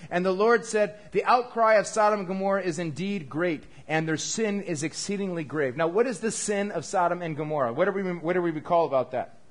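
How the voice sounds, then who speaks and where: A man preaching a sermon in a church, animated and acting out quoted dialogue as he goes. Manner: animated, acts out quoted dialogue with shifting pitch and loudness. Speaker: pastor.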